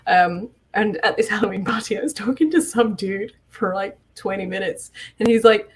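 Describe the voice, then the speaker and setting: She has a mid-range, breathy-edged voice and speaks at a moderate pace. As an artist co-host with a Kentish accent from southeast England, she chats casually, and her lines frequently finish on a rise.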